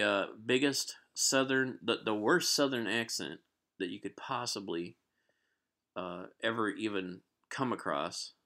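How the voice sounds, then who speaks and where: Man, lowish voice, bright sharp tone, casual rambling storyteller, clears his throat. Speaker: live streamer.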